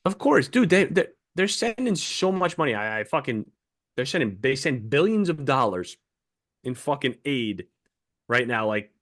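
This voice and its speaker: Podcast guy going off, cursing a lot, pitch jumping all over, dry close sound. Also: very animated, moderate pace, fairly bright tone, dry recording. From United States. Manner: heated, profane, ranting. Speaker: podcast co-host. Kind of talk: casual chat.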